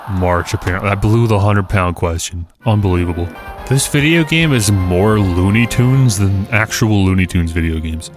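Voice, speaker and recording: A man's voice: deep voice, moderate pace, over music. Sarcastic man commenting on a quiz game. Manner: sarcastic, exasperated, jokey. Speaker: gaming YouTuber. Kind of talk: casual gameplay commentary.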